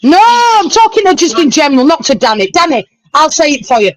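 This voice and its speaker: A woman's voice: high-pitched, big pitch swings, a little fast, dry recording, poor audio. Older woman, fan panel chat, heated rant, heavy swearing, apologetic, raised voice. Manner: swears heavily and keeps apologizing; exasperated ranting. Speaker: fan panelist on a football livestream.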